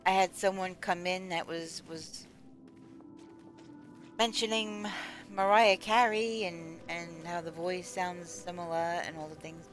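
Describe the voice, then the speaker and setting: Chatty low-voiced woman streamer. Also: steady tone, takes it slowly, faint music behind. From United States. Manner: chatty, rambling, answers chat aloud. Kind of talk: casual live-stream chat while gaming.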